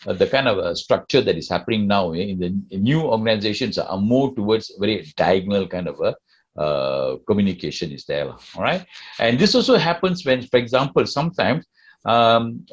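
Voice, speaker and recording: A man's voice: fairly low pitch, husky. A man with a Malaysian English accent giving a classroom lecture and often asking the class questions. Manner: asks the class questions, tags sentences with "lah".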